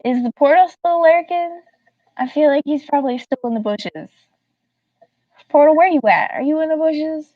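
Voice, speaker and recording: Woman from the South, casual streamer, giggles a lot, talks to chat, slightly high voice. Dry, muffled, distant mic. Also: normal speed, pauses often, no echo. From Southern United States. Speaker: livestreamer.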